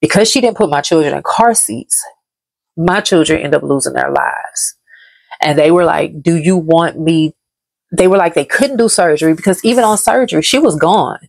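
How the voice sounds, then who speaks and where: A woman tells her story in a gravelly, fry-edged voice. She circles back over the same words, heavy with grief. The sound is close and dry, with no room around it. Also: low-pitched, lively intonation, moderate pace, dry recording. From Dallas, Texas. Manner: heavy, repetitive, grief-laden retelling. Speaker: vlogger. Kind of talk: emotional story time.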